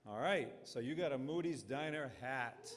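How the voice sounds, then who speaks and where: A man's voice: medium pitch, normal speed, noisy background. A middle-aged man emceeing a family reunion, chatty and joking as he asks the crowd questions. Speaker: reunion emcee handing out awards. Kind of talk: casual emcee talk to a crowd. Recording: long hall reverb.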